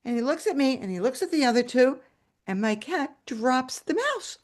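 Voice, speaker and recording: A woman's voice: sits high, normal speed. A woman telling a story to an audience over a video call, acting out the scenes as she goes. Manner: animated, acts out scenes with shouted quotes.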